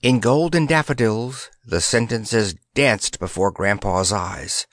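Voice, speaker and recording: A man's voice: on the low side, slow pace, no room sound, studio quality. A man reading a children's fantasy story aloud as an audiobook narrator, telling it expressively.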